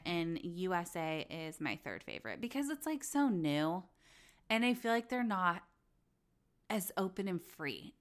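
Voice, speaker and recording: A young woman with a fairly low, clean voice hosts a podcast about reality TV. She gushes and chats as if talking with a friend, acting out the voices of the people she quotes.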